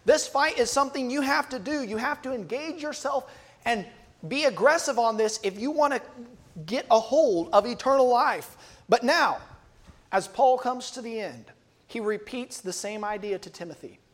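A preacher giving an expository sermon in a measured teaching manner, reading scripture verses aloud as part of the sermon. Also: mid-range voice, expressive.

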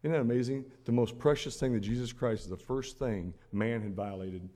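A man's voice: medium pitch, a little fast, warm tone. A man preaching a sermon at the Lord's table, earnest and repeating phrases for emphasis, rising to exhort his listeners.

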